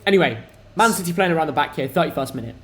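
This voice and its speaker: A young man hosting a live football watch-along stream, chatty and excitable, talking to his viewers. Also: on the high side, rapid-fire. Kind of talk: casual live match watch-along commentary.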